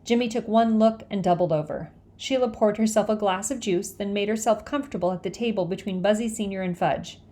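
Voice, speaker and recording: A woman reading a children's book aloud in a lively, expressive way. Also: mid-range voice, brisk, few pauses. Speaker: audiobook reader.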